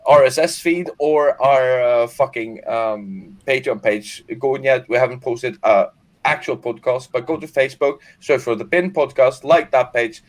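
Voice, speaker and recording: A man's voice: medium pitch, a little slow. A man with a picked-up Scottish accent, telling rowdy, profane stories in a casual livestream chat. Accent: Scottish-tinged. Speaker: podcast guest.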